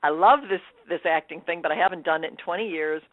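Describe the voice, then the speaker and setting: A woman telling her story as a radio interview guest, animated and laughing, acting out her own thoughts. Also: on the low side, fast, no echo. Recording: dry tinny phone line.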